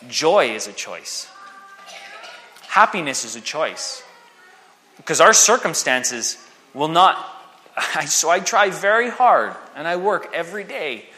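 Bright-voiced male preacher in a hall. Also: on the high side. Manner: animated, acts out quoted voices. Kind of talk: sermon. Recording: long hall reverb.

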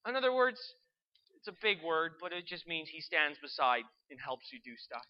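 A storyteller narrating a Christian story in an earnest, unhurried way, with asides to the listener. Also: mid-range voice, sing-song, dull audio.

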